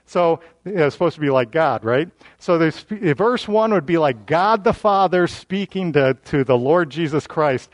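A man preaches a verse-by-verse sermon in a relaxed, conversational manner, often breaking off and restarting his sentences. His voice sits a little higher than most men's. The recording is dry and close, with almost no room sound. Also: normal speed, few pauses, no room sound. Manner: conversational, self-deprecating, frequent restarts. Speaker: Bible teacher.

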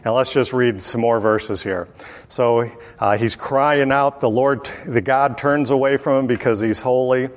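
A man giving verse-by-verse Bible teaching in an unhurried way, often pausing with fillers and clearing his throat. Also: medium pitch, in a large hall.

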